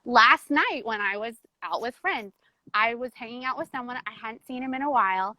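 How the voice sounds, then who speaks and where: A woman's voice: a little high, lively intonation, bright, forceful tone, dry recording, rough recording. A woman guest talking openly and emotionally about her personal change, in a chatty style full of "like"s. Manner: open, emotional, fast storytelling with many "like"s. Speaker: coaching client, guest. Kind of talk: casual interview chat.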